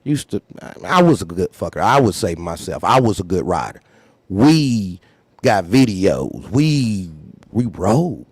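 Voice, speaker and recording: A man's voice: low-pitched, sing-song, a little slow, darkish tone, breathy edge, no room sound. A man who runs a trucking company, candidly telling a story in a blunt, profane way and repeating phrases for emphasis. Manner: acts out others' lines in raised voice.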